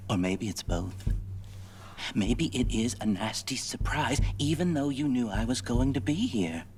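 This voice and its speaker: An actor playing a calm adult male murderer in a video game, speaking in a slow, mocking, menacing way. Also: medium pitch, a little hiss or hum, natural voice.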